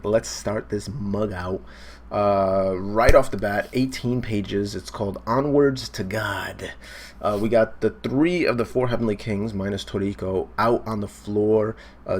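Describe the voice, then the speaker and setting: A man's voice: on the low side, slight background noise. A young man hosting a casual live manga reaction, laid-back and full of fillers as he recaps and reads panels aloud. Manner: laid-back, filler-heavy, briefly acting out character shouts.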